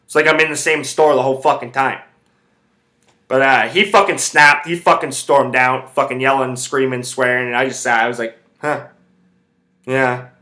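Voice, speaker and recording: Male podcast host, brash and profane, tense bright voice, loose rambling delivery. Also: medium pitch, fairly even intonation, normal speed. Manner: rambling, heavy swearing. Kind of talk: casual storytelling rant.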